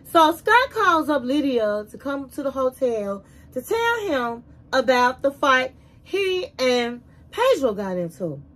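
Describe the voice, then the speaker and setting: A woman with a high-pitched voice runs through a reality TV recap as a YouTube reviewer. She tells it like a story, animated and conversational, and puts her own opinions in freely. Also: rough recording. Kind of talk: casual episode recap commentary.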